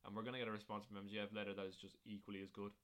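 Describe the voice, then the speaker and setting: A man's voice: on the low side, flat delivery, racing, a bit bright, clear, resonant tone. A man hosting a podcast on his own, recapping wrestling shows in a rambling, casual way with plenty of fillers and swearing. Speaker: podcast host.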